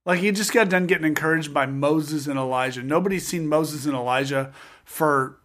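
Here is a man with a slightly raised voice telling a scripture story in casual, animated fashion. He tosses in quick jokes and asides as he talks it through. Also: fairly high pitch. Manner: animated storyteller who acts out quotes with jokes.

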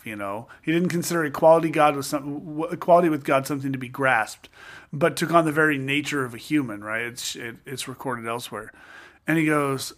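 A man's voice: mid-range voice, brisk. A man casually discussing scripture, retelling the story with energy and joking asides. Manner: animated storyteller who acts out quotes with jokes.

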